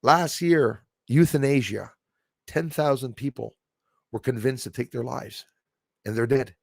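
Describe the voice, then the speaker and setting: Man, livestream host, chatty, rambling, gravelly voice, medium pitch. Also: a little slow, no room sound, studio quality. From Canada. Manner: chatty, rambling, thanks viewers by name. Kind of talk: casual livestream chat, reading viewer comments.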